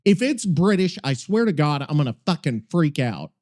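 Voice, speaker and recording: A man's voice: a little high, big pitch swings, moderate pace, darkish tone. A man hosting a podcast in loose, profane, rambling chat, often exasperated and yelping. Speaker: podcast host. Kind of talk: casual chat.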